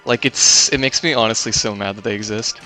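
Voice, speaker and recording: A man's voice: lowish voice, a little fast, music in the background. A man giving casual live commentary on his own speedrun, explaining game mechanics with many fillers and restarts.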